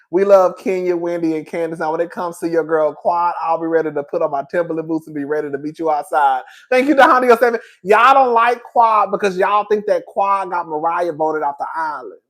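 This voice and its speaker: A man hosting a casual gossip livestream, sassy and playfully dramatic, laughing often and calling everyone "girl" while he reads the chat. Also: high voice. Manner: playfully dramatic, exaggerates for effect.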